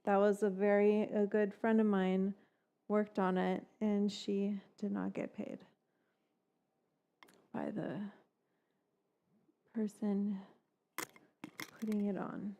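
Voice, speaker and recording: A woman's voice: medium pitch, flat delivery, slow, creaky, pauses often, warm tone, lo-fi sound. Woman host for a casual cooking live stream, chatty and rambling, with offhand swearing.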